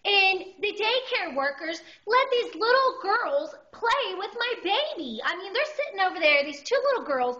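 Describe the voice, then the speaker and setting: High, bright woman doing stand-up. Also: moderate pace, hardly any pauses. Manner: animated, exaggerated storytelling. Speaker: stand-up comedian. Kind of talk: stand-up comedy routine. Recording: dull lo-fi recording.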